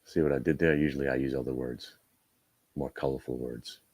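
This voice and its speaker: Man, low voice, dry recording, live trading commentary, direct and wry. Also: fairly even intonation, a little mellow, slightly rough, no echo. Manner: brisk and coaching, talks to viewers directly; wry asides. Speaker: day trading host.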